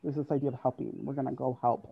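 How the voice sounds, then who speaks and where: Animated woman telling stories. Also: a bass voice, fast talker, gravelly, slightly rough, no echo, muffled recording. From United States. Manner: animated, acts out quoted dialogue, laughs often. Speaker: interview guest, university staff. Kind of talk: conversational storytelling.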